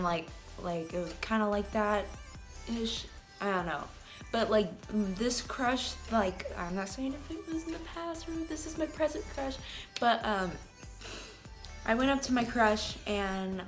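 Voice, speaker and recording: A young woman vlogging casually, telling a story in a rambling way full of "like" and "um", with giggles. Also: medium pitch.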